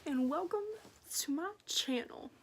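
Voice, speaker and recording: High-voiced young woman, soft and whispery. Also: a little slow, heavy background noise. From Minnesota, USA. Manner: soft-spoken, often slipping into a breathy whisper. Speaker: vlogger. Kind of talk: casual storytelling to camera.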